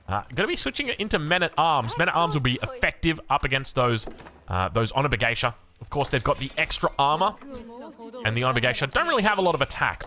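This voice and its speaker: A man's voice: medium pitch, pushed and bright. An Australian man casting a strategy game, chatty and self-mocking, drifting into rambling asides. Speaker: game caster. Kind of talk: casual game commentary.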